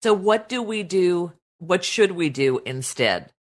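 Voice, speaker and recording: A woman's voice: lowish voice, animated, unhurried. A woman interviewing a guest and asking direct, inquisitive questions.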